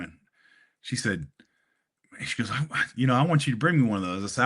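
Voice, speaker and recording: This man grew up in Hawaii and talks in a bright, punchy, slightly low voice. He rambles through a story for a friend, stacking fillers and little laughs. It sounds like a casual podcast chat. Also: fast talker. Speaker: podcast co-host.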